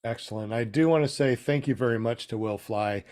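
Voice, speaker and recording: A man hosting a casual panel podcast, relaxed and quick to agree with his guests. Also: mid-range voice. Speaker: podcast host.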